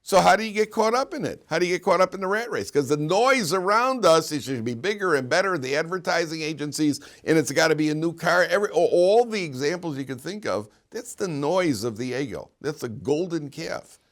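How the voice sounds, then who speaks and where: A man's voice: a little high, animated, brisk, hardly any pauses. A man, a rabbi, giving an informal Torah class to students, asking rhetorical questions and restarting phrases as he talks. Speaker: rabbi teaching a yeshiva class. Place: yeshiva classroom.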